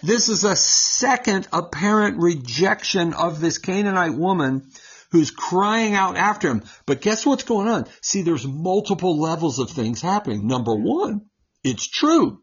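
A man teaching from the Bible to his co-hosts in a lively, conversational way, often checking in with a quick "right?" and laughing as he explains. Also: sits high, breathy edge, dull audio. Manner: animated, keeps asking "right?" and laughs while explaining. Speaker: Bible teacher on a talk show.

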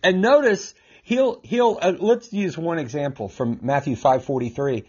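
A man teaching scripture in a casual, animated way, acting out quotes and chuckling often, on a slightly muffled recording. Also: on the high side, a little slow, breathy edge. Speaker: Bible teacher.

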